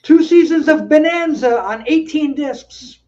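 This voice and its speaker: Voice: high voice, a little slow, darkish tone, dull audio. A speaker on an online video chat, rambling and full of "you know" and "like". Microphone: video call mic.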